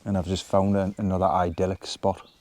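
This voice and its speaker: A man, chatting casually in a relaxed, rambling way as he vlogs from a woodland wild camp. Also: low-pitched, fairly quick. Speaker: vlogger. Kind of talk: casual outdoor vlog talk. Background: birds and woodland ambience.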